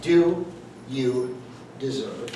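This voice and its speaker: A man's voice: mid-range voice, animated, drawn-out words, noisy background. A man giving a jokey, conversational motivational speech to a live audience, quizzing the crowd as he goes. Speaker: motivational speaker. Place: event hall with audience. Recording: echoey room, distant mic.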